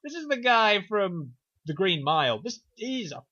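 A man's voice: high-pitched, big pitch swings, measured pace, sharp tone. A man co-hosting a podcast, recapping a film in a sarcastic, profane, offhand way. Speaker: podcast co-host reviewing a film. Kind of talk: casual film recap chat. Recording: dull lo-fi sound.

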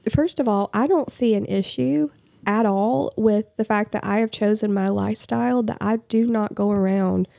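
Earnest woman with a mellow voice. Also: medium pitch, normal speed, gravelly, no echo, studio quality. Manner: earnest, thinking aloud with fillers. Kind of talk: casual faith discussion.

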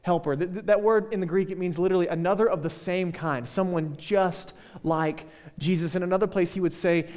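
Man, high voice, pastor, casual sermon, conversational asides, echoing hall. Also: a little mellow. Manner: conversational, joking asides, frequent "right?".

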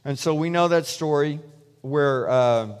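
A man delivers a sermon in an easy, chatty manner, slipping into the voices of the people in his story. His voice sits a little higher than most men's. The sound carries a long reverb, like a church hall. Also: a little slow, smooth. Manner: conversational storytelling, acts out quoted voices. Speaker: preacher.

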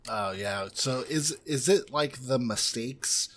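A man's voice: medium pitch, a bit bright. A man from the United States in casual film-review chat, swearing and often breaking off with "like". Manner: sweary, halting, lots of "like". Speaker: podcast co-host.

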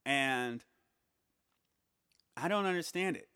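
A man giving a casual spoken monologue, reasoning aloud with rhetorical questions and halting restarts. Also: medium pitch, expressive, sharp tone, clean tone, no room sound, clean studio sound. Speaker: commentator on society.

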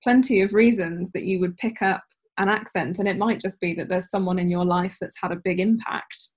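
A woman's voice: medium pitch, husky. A woman in casual chat, talking in a reflective, flowing way with frequent "you know".

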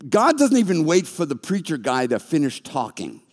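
Male pastor, fairly high voice, animated storyteller, big reverberant hall. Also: moderate pace. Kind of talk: sermon. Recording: long reverb of a large hall.

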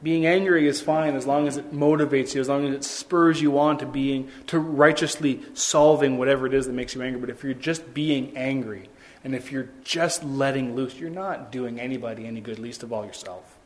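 A man's voice: medium pitch, fairly even intonation, fairly quick. A man preaching a sermon as a pastor, in a conversational way with many rhetorical questions.

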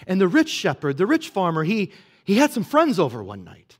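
High-voiced pastor preaching conversationally. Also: male voice, huge pitch swings, moderate pace. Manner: conversational preaching with rhetorical questions; swings from hushed to emphatic. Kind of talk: sermon.

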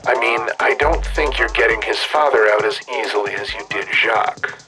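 A man voicing a sharp-tongued woman medic giving quick, matter-of-fact instructions over comms in an audiobook. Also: on the low side, music in the background, close to an everyday voice, rough recording. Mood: uneasy.

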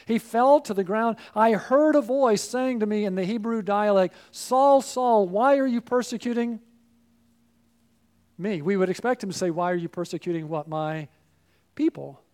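A man's voice: high-pitched, moderate pace, darkish tone. A man preaching a sermon as pastor, earnest and building to fervent appeals.

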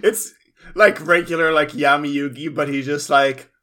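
A man's voice: a little high, steady tone, normal speed, sharp tone. A man co-hosting a podcast who tells loose, comedic retellings, packed with fillers and stops to laugh. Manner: loose, filler-heavy storytelling. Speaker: podcast co-host. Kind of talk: casual comedic recap chat.

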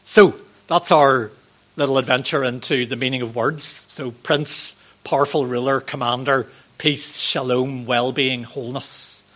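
A man, giving a sermon in a gentle, conversational way, with ums and rhetorical questions. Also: medium pitch, fairly even intonation, a little slow. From Northern Ireland. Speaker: preacher.

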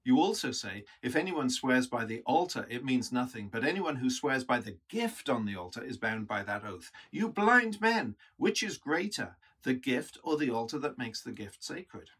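A man with a husky voice voicing Jesus as a grave teacher, reading rebukes with solemn, emphatic weight. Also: mid-range voice, very animated, normal speed, hardly any pauses, a bit bright. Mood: stern.

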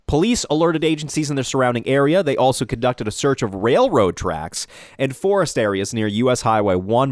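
A man's voice: mid-range voice, no echo, studio quality. A man co-hosting a podcast, steering the conversation and reading news items aloud in casual chat. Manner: leads the segment, reads news items aloud. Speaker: podcast co-host.

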